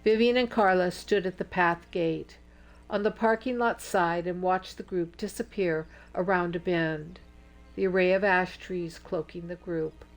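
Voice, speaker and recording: Brief: woman audiobook narrator, low voice, very unhurried, soft music behind. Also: steady tone. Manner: slow, measured storytelling.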